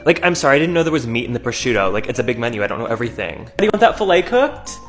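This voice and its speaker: A man's voice: mid-range voice, expressive, racing, fairly bright tone, soft background music. A man playing a harried restaurant server who talks in a sugary customer-service voice and slips in sarcastic jabs. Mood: fake-cheery.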